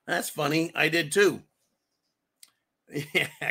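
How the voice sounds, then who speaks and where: Male political rant host, bright and forceful tone, sarcastic, swears freely, talks straight to his folks. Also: sits high, lively intonation, a little slow. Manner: profane, sarcastic, keeps addressing listeners as folks; repeats himself for emphasis.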